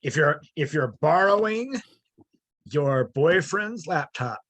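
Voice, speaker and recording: A man college instructor chats casually with his co-teacher. His voice is a little husky, and his pitch swings in a lively way. He laughs often and gropes for words, and the recording is dry and close. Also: slow, no room sound.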